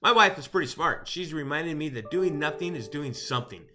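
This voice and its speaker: A man's voice: fairly high pitch, expressive, a little fast, sharp tone, soft background music. A middle-aged man, a chaplain, giving a conversational, wry motivational talk to first responders. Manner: conversational, wry, chuckles at his own jokes.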